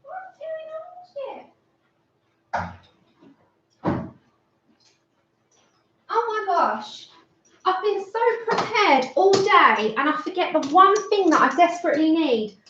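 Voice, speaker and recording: A woman's voice: extremely high pitch, sing-song, slow pace, long pauses, background noise. A woman hosting a colouring livestream, chatting casually and greeting viewers by name with scatterbrained asides. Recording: roomy, dull lo-fi sound.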